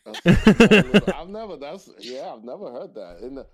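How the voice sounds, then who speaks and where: A man's voice: fairly high pitch, sing-song, normal speed. A man co-hosting a casual podcast, joking and incredulous, heard farther from the mic. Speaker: podcast co-host. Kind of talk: crude casual podcast chat.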